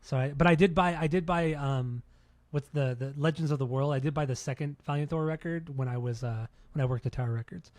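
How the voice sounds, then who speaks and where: A man's voice: fairly high pitch, a little fast, no echo. A man in his thirties hosting a casual podcast, rambling and swearing with lots of restarts. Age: 30s. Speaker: podcast host.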